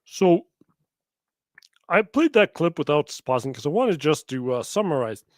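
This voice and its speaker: A man hosting a podcast, giving sarcastic, mocking commentary on clips he plays, with quick asides. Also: on the high side, sing-song, no room sound, studio quality. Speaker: podcast host.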